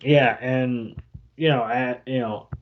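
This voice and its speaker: A man co-hosting a podcast, slowly retelling a movie scene by scene with lots of fillers and quoted lines. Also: medium pitch, fairly even intonation. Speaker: podcast co-host. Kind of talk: casual podcast recap. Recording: dull lo-fi podcast audio.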